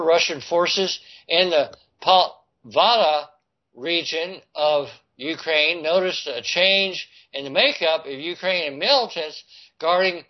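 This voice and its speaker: A man reading out a news report and commenting on it, stumbling and restarting words as he goes. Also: fairly high pitch. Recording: dull lo-fi audio.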